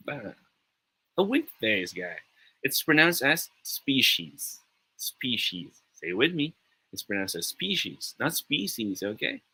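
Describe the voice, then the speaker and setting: A young Filipino man runs a lively online pronunciation class, upbeat and encouraging, sometimes slipping into Tagalog. His voice sits fairly low, yet it comes across bright and a touch husky. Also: low-quality recording. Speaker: online tutor. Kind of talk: live online pronunciation lesson.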